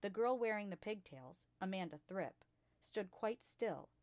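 A woman reading a children's novel aloud with lively expression as a storytime host. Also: mid-range voice, unhurried, no echo. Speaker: storytime reader.

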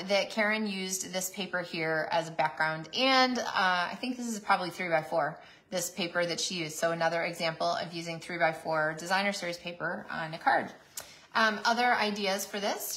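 A woman hosting a relaxed live crafting demo, talking in a bright, clear voice. She is chatty and eager, gushing over each card and filling her pauses with ums. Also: fairly low pitch. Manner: chatty, enthusiastic, frequent ums. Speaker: host showing handmade cards.

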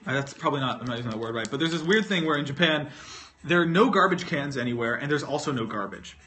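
A man's voice: mid-range voice, expressive, fast talker, bright, forceful tone, a little hiss or hum. A man chatting casually on a livestream while eating candy, rambling and self-mocking, swearing freely and talking with his mouth full. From North Carolina, US. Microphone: phone.

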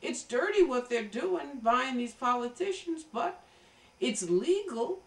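American woman, slightly high-pitched, emphatic commentary monologue, distant and roomy recording. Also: animated, slow pace. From United States. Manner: emphatic, lecturing, addresses viewers directly. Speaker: political commentator.

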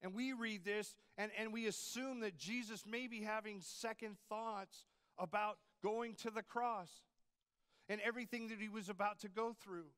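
A man's voice: high voice, fairly even intonation, normal speed, fairly bright tone, clear, resonant tone. A man preaching a sermon as campus pastor, in a conversational style with frequent rhetorical asides to the congregation.

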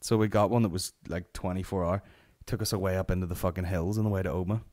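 Northern Irish male comic host, lowish voice, rambling sweary storyteller. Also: fairly even intonation, fast talker, darkish tone. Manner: sweary, rambling anecdotal delivery. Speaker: podcast host. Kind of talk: solo comedy podcast storytelling.

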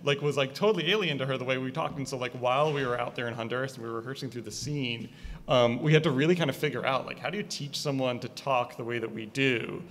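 A man from Connecticut with an East Coast accent, a filmmaker talking casually about his film, halting, with many fillers. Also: mid-range voice, fairly bright tone. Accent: East Coast American. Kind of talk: casual conversation at a screening. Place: art gallery. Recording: reverberant gallery space.

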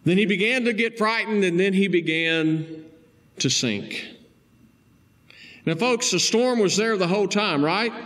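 Emphatic preacher, higher-pitched man. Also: bright, forceful tone. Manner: emphatic, rising pitch on key points, slow deliberate stresses. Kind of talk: sermon.

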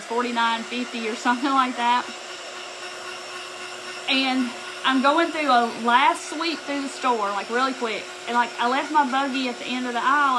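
A woman's voice: on the high side, background noise. A woman with a Southern American accent hosting a live craft tutorial, chatting in a folksy way straight to her viewers.

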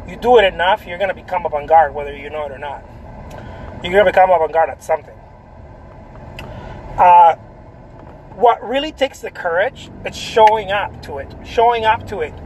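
A man's voice: high voice, normal speed, pauses often, slight background noise, low-quality recording. A man, an artist, chatting casually about art, rambling, repeating himself and tagging lines with "right?". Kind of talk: casual vlog talk.

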